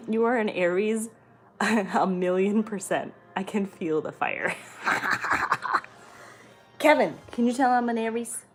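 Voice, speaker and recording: A woman's voice: medium pitch, takes it slowly, long pauses, faint music behind. A woman hosting a livestream who reads viewer comments aloud and answers them in blunt, chatty talk, swearing freely. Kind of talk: casual chat.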